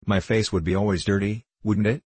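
A man's voice: on the low side, steady tone, a little fast, darkish tone, breathy edge, no room sound. A man reading the part of a young girl who speaks in unenthusiastic tones.

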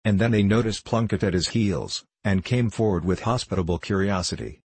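Male audiobook narrator, deep, husky, dry close sound, measured delivery. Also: a little mellow, no room sound. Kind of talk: scripted narration.

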